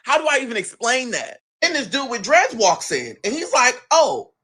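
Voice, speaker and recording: Animated young man telling a family story. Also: extremely high pitch, normal speed. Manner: animated, acts out family members' lines in his own voice. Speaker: guest telling his story. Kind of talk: casual storytelling.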